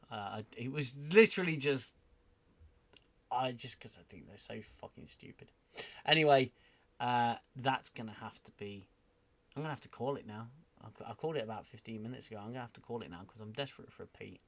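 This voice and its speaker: A man hosts a casual livestream, talking to his chat in a rambling, self-deprecating way. His voice has a gravelly, fry-heavy edge at a middling pitch, and he apologizes often as he drifts between thoughts. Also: fairly bright tone. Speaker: livestream host.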